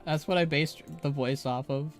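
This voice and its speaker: A man's voice: on the high side, fairly even intonation, normal speed, faint music behind. A man streaming a game, chatting casually, playful and teasing, laughing often. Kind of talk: casual chat while gaming.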